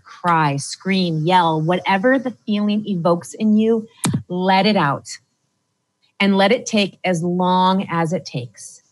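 A woman coaching listeners step by step through feeling and releasing emotions, speaking calmly and directly to them. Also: fairly low pitch, no room sound, poor audio. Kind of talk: guided emotional-release talk.

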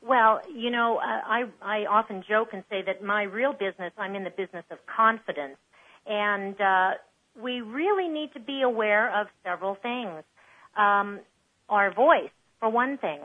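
A woman's voice: mid-range voice, moderate pace. A woman voice coach explaining how to speak well as a guest in an interview, with fillers and restarts. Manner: warm explanatory, demonstrates voices. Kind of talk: interview over the phone. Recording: tinny phone line.

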